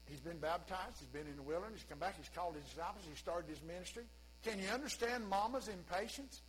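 A man's voice: high-pitched, fast, a little hiss or hum, poor audio. A male pastor preaching a sermon in a folksy, conversational way with humorous asides.

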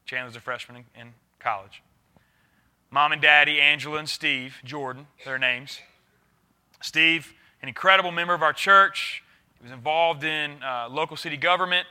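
A man, a youth pastor preaching a sermon earnestly, swinging between loud urging and quiet intensity. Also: a little high, moderate pace, smooth.

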